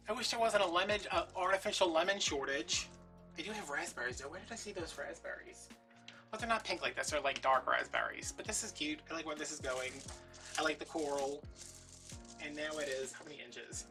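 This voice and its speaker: A man chatting in a rambling, filler-heavy way while he works on a craft project at home. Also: fairly high pitch. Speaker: crafting YouTuber. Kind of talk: casual chat while crafting. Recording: distant mic with soft background music.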